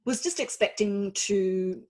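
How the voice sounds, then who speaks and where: An Australian woman in her forties gives an online author talk, recounting her story in a chatty, self-deprecating way. Her voice is mid-pitched with a husky, slightly breathy edge. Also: slow, a little mellow. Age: 40s.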